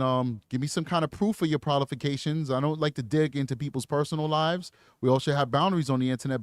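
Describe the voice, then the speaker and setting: A man hosting a live commentary stream, talking in an animated, slangy, emphatic way. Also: a little high, no echo, clean studio sound. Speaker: livestream commentary host.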